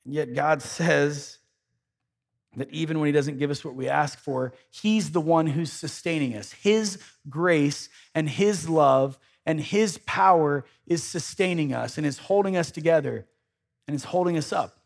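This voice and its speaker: A man's voice: fairly high pitch, moderate pace, creaky. A man preaching a sermon in a conversational way, with dry irony and acted-out prayers. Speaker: pastor.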